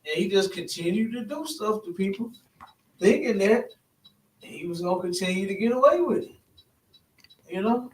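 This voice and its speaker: A man with a high voice talks loosely and circles back to his points, checking in with the listener again and again. He sounds off-mic in an echoey room, with a faint hiss behind him. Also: expressive, moderate pace, long pauses, distant mic. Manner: rambling, repeats "you know what I'm saying". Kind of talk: casual spoken discussion.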